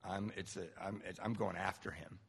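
Brief: fifties man, gravelly and husky, self-mocking storyteller at a recovery meeting, reverberant hall. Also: low voice, normal speed. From Southern California, US. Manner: animated, self-mocking, laughs often. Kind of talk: personal storytelling talk.

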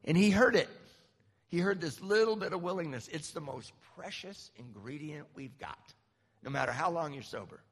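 A man in his fifties from Southern California, speaking at a recovery meeting and telling a personal story in an animated, self-mocking way. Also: on the high side, moderate pace, breathy edge. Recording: reverberant hall.

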